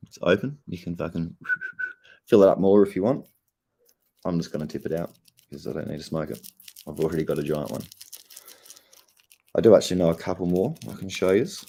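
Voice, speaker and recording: A stoned young Australian man with a very deep, dark and mellow voice. He talks in a loose, laid-back ramble, swearing constantly as he chats to his livestream. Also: a little fast, gravelly, long pauses, slightly rough. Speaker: streamer. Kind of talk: casual livestream chat.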